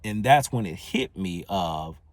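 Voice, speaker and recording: A man hosting a solo podcast, telling a personal story in a casual, conversational, animated way. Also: low voice, measured pace, no echo. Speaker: podcast host.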